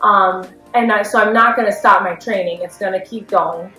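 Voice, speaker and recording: A woman's voice: mid-range voice, moderate pace, pushed and bright. Chatty woman in her thirties, echoey room. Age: 30s. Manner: rambling, heartfelt, lots of "like". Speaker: running coach. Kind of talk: candid personal vlog. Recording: echoey room, faint music.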